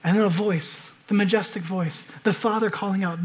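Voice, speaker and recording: A man preaching a sermon, moving between loud urgent exhortation and hushed, reflective passages. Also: high-pitched, steady tone, moderate pace. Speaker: pastor.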